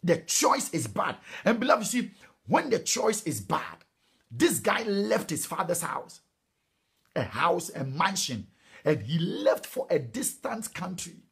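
A middle-aged Ghanaian man preaching a sermon, emphatic and animated, with sudden high exclamations. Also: a little slow, vocal fry, slightly rough. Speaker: pastor.

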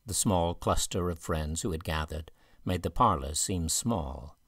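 A man narrating an audiobook with even, measured storytelling. His voice is very low and slightly husky. The sound is close and dry. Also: dry recording. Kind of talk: scripted narration.

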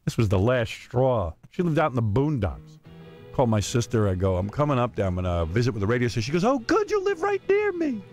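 A man's voice: mid-range voice, expressive, quick pace, a little mellow, faint music behind. A man hosting a radio show, telling a long story and acting out the voices of the people in it. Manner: acts out other people's voices, with emphatic asides. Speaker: radio host. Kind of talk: animated storytelling.

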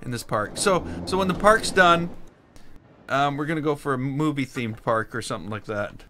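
Rambling Canadian gamer, noisy recording. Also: male voice, mid-range voice, moderate pace, sharp tone. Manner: chatty, rambling, easily frustrated. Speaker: gaming streamer. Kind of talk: casual let's-play commentary.

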